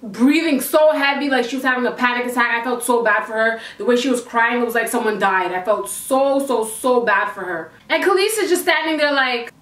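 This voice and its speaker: A young woman telling a storytime vlog in a blunt, animated, profane way. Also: on the high side, brisk, few pauses. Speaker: vlogger. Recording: echoey room, mic at a distance.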